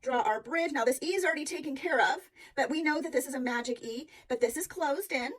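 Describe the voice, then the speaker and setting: High-voiced teacher explaining briskly. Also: female voice, far from the mic. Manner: brisk, walks through steps aloud. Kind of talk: classroom phonics lesson.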